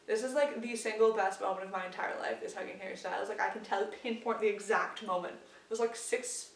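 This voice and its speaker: A woman's voice: on the high side, gravelly. Chatty young woman gushing on a vlog. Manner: excited, gushing, full of "like" fillers. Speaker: vlogger. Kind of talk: casual storytelling vlog. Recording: roomy sound from a distance.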